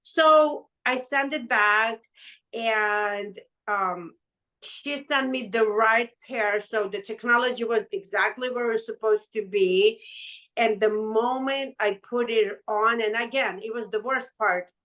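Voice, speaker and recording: Middle-aged woman, fairly high voice, emotional, rambling testimonial chat. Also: takes it slowly, bright, forceful tone, rough recording. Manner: emotional, rambling, restarts often. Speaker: patch seller sharing her testimonial. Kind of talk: casual conversational testimony.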